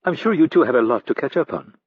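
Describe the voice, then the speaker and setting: A man's voice: mid-range voice, expressive, fast talker, breathy edge, dry recording, muffled recording, pitched above the performer's own voice. A man voicing a poised, commanding woman with a playful, possessive manner.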